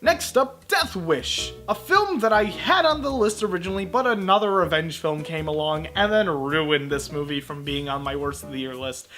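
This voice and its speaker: A man's voice: sits high, fairly bright tone. A man giving blunt, sarcastic movie reviews in a ranting countdown style, often exasperated.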